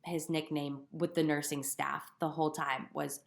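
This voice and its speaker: A woman's voice: sits low, level tone, moderate pace, creaky, roomy sound. A young woman candidly telling her personal story on a podcast, with self-deprecating humor. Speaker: guest sharing her story.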